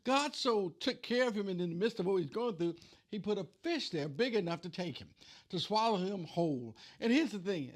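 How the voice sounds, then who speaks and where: High-voiced man preaching conversationally. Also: vocal fry. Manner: retells scripture in plain everyday speech. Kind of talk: conversational Bible teaching.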